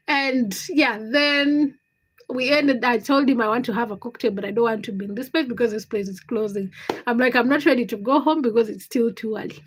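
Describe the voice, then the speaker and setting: A young woman hosting a livestream, chatting to viewers and telling a story. She swings between hushed asides and excited squeals. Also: on the high side, brisk, slightly rough. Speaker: livestream host. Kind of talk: casual chat with live viewers.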